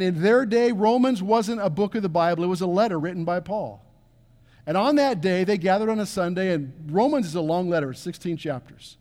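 A man's voice: high-pitched, darkish tone, big-room sound. A middle-aged man preaching a sermon as pastor, earnest, repeating phrases and asking the congregation to respond. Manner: earnest, repeats phrases, asks the crowd to answer. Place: church sanctuary.

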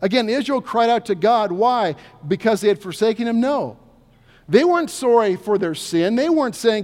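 A man's voice: high voice, expressive, moderate pace, darkish tone. A man preaching a sermon to a congregation, earnest, acting out prayers and God's answers in quoted voices. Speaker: pastor. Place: church sanctuary. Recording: long church reverb.

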